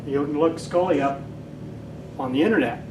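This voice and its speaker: An older man speaks a little high, his voice caught from far off in a roomy hall with faint room noise behind it. He rambles through his stories in the loose way of a guest speaker. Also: normal speed. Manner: rambling storyteller, acts out quoted voices. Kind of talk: casual lecture.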